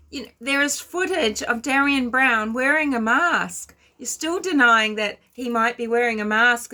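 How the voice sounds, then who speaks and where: A woman's voice: fairly high pitch, bright, forceful tone. A woman giving ranting commentary, scornful and lecturing her viewers. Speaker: commentary vlogger.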